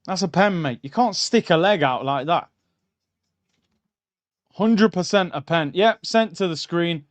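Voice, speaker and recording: Young male host, football watchalong, high and animated, excitable and chatty. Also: measured pace, long pauses. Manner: excitable, shouts at the screen, chatty tangents. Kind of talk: live match reaction commentary. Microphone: streaming mic.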